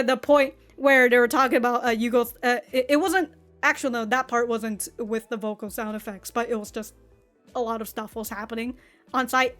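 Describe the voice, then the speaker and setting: A woman with a high voice hosts an anime reaction video in loose, casual chat. She rambles and giggles, and her sentences stall and restart as she thinks aloud. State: running out of breath.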